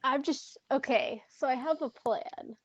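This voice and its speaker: A woman's voice: high-pitched, measured pace, dull audio, slight background noise. A woman player in a tabletop role-playing game, chatting casually and hesitating as she plans her moves.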